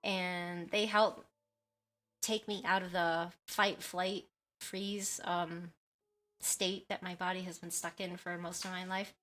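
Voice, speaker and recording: A woman's voice: on the low side, flat delivery, slow, fairly bright tone. A woman streamer chatting casually with viewers, rambling with lots of fillers, giggles and apologies. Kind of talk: casual livestream chat with viewers.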